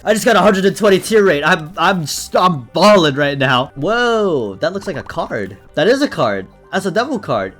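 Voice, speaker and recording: A young man giving casual, chatty commentary over a video game, breaking into excited exclamations and quick laughs. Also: medium pitch. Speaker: gaming YouTuber.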